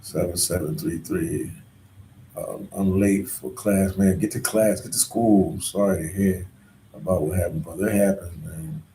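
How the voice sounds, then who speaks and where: A man's voice: sits low, moderate pace, warm tone, echoey room, slight background noise. A man talking to viewers on a casual live stream, slangy and rambling. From Philadelphia. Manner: slangy and rambling, full of "like" and "you know". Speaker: travel vlogger on a live stream.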